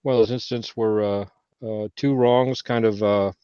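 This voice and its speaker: A man on a veterans' panel telling a service story in casual chat, swearing freely and getting loud when he quotes himself. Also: fairly low pitch, steady tone, moderate pace, clean tone, no room sound. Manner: heavy profanity, loud bursts when quoting himself. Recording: dull lo-fi audio.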